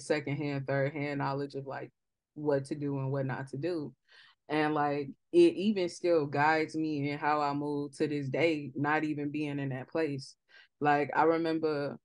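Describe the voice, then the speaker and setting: A woman's voice: low-pitched, no room sound. A young woman hosting a podcast in casual chat, telling stories bluntly with lots of slang. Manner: blunt, slangy, emphatic storytelling. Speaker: podcast host.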